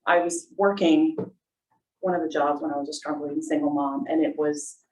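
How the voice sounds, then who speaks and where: Low-voiced woman on a distant video call. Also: fairly even intonation, normal speed, a little mellow. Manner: earnest, explanatory. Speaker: panelist. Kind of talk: webinar panel talk.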